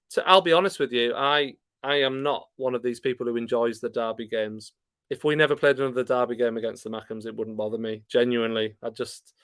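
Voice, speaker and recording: A man with a Yorkshire accent hosting a casual live stream, chatting relaxed and laughing often as he answers comments. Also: mid-range voice, clean tone, no echo, clean studio sound. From Yorkshire, England.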